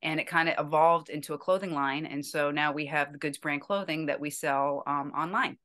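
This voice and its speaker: A woman with a bright, forward voice talks casually as an interview guest. She chats loosely from her spare room at home over a video call, with plenty of ums and restarts. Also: sits low, steady tone, fairly quick. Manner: chatty, many fillers and restarts. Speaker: actress guest.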